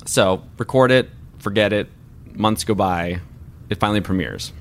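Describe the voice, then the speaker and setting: Man, deep low voice, earnest, reflective, emotional interview storytelling. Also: moderate pace. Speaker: voice actor and artist guest.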